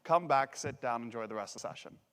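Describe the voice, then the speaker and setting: A Canadian man giving a folksy, joking motivational safety talk with a lively delivery. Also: mid-range voice, quick pace, smooth. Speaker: safety speaker. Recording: echoey hall.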